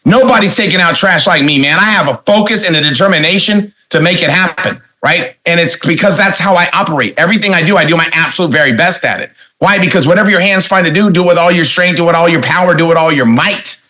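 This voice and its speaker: A middle-aged man giving an energetic motivational seminar talk, emphatic and repetitive, throwing questions at the audience. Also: fairly high pitch, fast, hardly any pauses. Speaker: motivational sales trainer.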